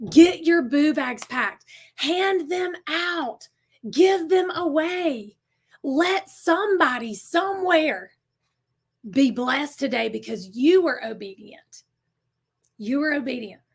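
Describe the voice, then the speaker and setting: A middle-aged woman hosting a motivational team video, energetic and preachy. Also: a little high, vocal fry. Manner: energetic, preachy, calls out y'all. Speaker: sales director hosting a weekly team video. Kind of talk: motivational pep talk.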